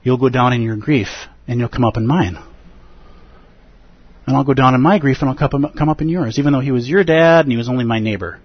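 A man, a Buddhist teacher, giving an earnest and expressive dharma talk at a retreat, acting out feelings with gasps and pauses. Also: medium pitch, husky. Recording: dull lo-fi recording.

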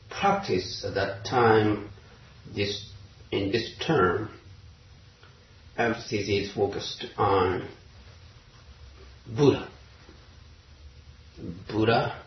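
A Zen teacher gives a dharma talk in a lowish male voice, speaking slowly and haltingly with many pauses and fillers as he searches for words. The recording is roomy, distant, and dull, with lo-fi quality.

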